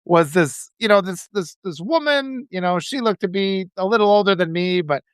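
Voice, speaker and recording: Lively storytelling man on a live stream. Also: high-pitched, normal speed, smooth, no echo, clean studio sound. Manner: rambling, animated anecdotes with many restarts. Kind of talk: casual storytelling on a live video.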